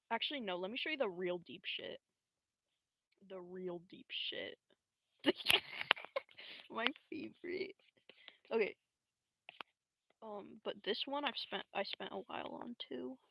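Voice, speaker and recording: A young adult woman livestreaming in casual, slangy, rambling talk, swearing freely and jumping into squeaky high voices to quote characters. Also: a little slow, gravelly, pauses often, bright, forceful tone, dry recording, low-quality recording. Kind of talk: casual live-stream commentary.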